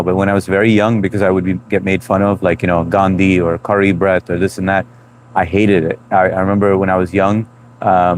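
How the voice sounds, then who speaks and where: A man's voice: sits low, slight background noise. A man in his thirties hosting a live stream, chatting loosely and greeting viewers by name. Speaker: livestream host reading chat. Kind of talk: casual live chat.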